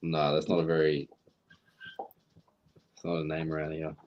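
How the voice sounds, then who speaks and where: A man's voice: rumbling low, completely flat delivery, normal speed, dull audio, a little hiss or hum. A man casually chatting on a call, rambling and swearing a lot while teasing his co-host. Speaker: podcast co-host. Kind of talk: casual chat. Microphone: headphones.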